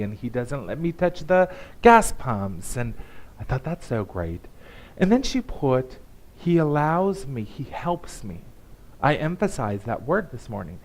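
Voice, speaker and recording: A man giving a conversational, emphatic sermon at a church service, with pauses and restarts. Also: medium pitch, darkish tone, poor audio. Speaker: guest speaker.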